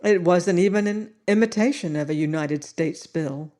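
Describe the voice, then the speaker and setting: A woman reading a story aloud as an audiobook narrator, steady and unhurried. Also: lowish voice.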